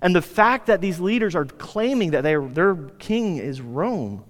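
A pastor from the US preaches in a large hall, his high voice sing-song and a little slow. Casual but emphatic, he now and then plays the characters in his story himself.

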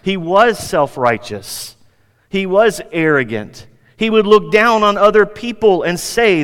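A man preaching with a slightly high voice, building energy and lifting for emphasis, then sinking to a hush. His sermon rings through a hall with a long, lingering reverb. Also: a little slow, clear, resonant tone. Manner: animated preaching, rising in pitch for emphasis. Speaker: pastor.

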